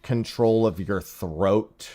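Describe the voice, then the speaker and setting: A man's voice: fairly low pitch, takes it slowly, dark tone. A man streaming an online game and chatting casually with viewers, sarcastic and swearing now and then. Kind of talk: casual chat while gaming.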